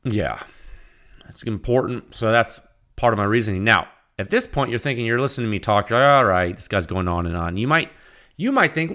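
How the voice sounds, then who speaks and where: A man hosting a podcast alone, rambling through a technical point in a loose, conversational way. His pitch rises and falls a lot as he talks, and he often trips over and repeats his words. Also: animated, a little fast, bright, forceful tone. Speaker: podcast host. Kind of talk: solo podcast talk.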